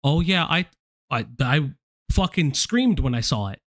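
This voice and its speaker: A man with a fairly high voice delivers a heated, profane commentary rant. His tone is blunt and lecturing. The sound is dry and close, with no room around it. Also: sing-song, measured pace, dry recording. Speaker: commentary streamer.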